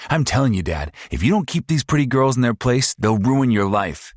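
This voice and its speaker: A man's voice: mid-range voice, very animated, moderate pace, no room sound, clean studio sound, pitched above the performer's own voice, lightly acted. A man voicing a sneering cruel young man. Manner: taunting, mocking.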